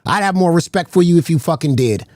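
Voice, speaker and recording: A man's voice: on the high side, expressive, quick pace, darkish tone, dry recording, clean studio sound. A man hosting a stream, ranting in slangy, swearing, mocking talk. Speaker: stream host. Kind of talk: casual ranting commentary.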